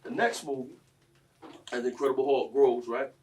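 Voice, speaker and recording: A man, telling stories on a panel in a preachy, impassioned way that swings between quiet and loud. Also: medium pitch, fairly even intonation, normal speed, distant mic, slight background noise. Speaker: panel speaker.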